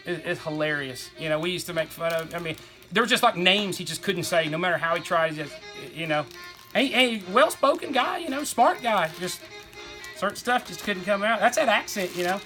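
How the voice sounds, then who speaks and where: A man's voice: high-pitched, expressive, fairly quick, bright, forceful tone, soft background music. A middle-aged man, rambling enthusiastically as he shows off his toy collection. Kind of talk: casual show-and-tell chat.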